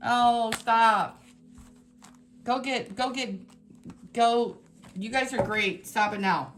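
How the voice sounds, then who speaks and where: A woman giving a tarot reading to her viewers, talking in an emphatic, exasperated way that swings between scolding and excitement. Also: on the high side, slow pace, very noisy. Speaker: tarot reader.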